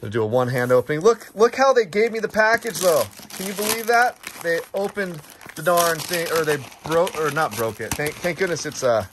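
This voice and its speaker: A man hosting a casual vlog, opening a viewer's gift and reading her letter aloud, bursting into excited exclamations and stumbling over words as he reads. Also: fairly high pitch, fairly quick, noisy background. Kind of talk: casual chat to camera.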